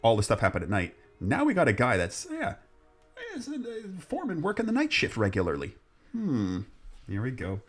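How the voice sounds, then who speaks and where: A man's voice: mid-range voice, wildly swooping pitch, normal speed, husky, faint music behind. A man hosting a podcast, telling a ghost story in a rambling, jokey way. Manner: rambling, jokey, restarts often. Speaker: podcast host. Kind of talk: casual storytelling chat.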